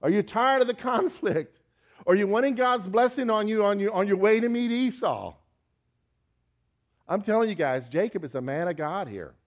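High-voiced man preaching a folksy sermon. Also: lively intonation, moderate pace. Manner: folksy, emphatic exhortation.

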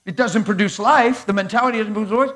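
A man preaching a sermon to a live congregation in an animated, conversational way, acting out dialogue as he goes. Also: high-pitched, fast. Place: church sanctuary before a live crowd.

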